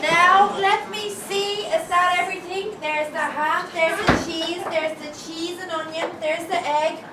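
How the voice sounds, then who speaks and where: Brief: actress as a fussing Irish woman, fairly high voice, distant in an echoey noisy hall. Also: fairly even intonation, unhurried, few pauses, a loud crowd. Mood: fretful. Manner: fussing, talking to herself. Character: fretful woman preparing a wake. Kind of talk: amateur stage comedy acting.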